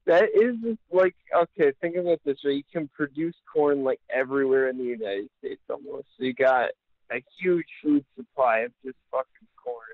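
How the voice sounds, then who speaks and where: A man's voice: medium pitch, normal speed, no echo. A man co-hosting a livestream, joining in casual profane jokes over a call. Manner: jokey, builds on bits, swears. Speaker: co-host on a livestream. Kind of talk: casual comedic chat. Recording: dry, phone-like call audio.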